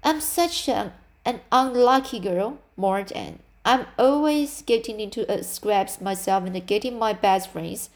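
Eager orphan girl, read by a woman, earnest, confiding, slow and unhurried. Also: medium pitch, natural voice.

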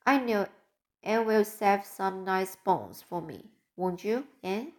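A woman's voice: mid-range voice, animated, slow. A woman reading an audiobook, voicing a mischievous little boy who whimpers and pleads. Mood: wheedling. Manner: whiny, pleading.

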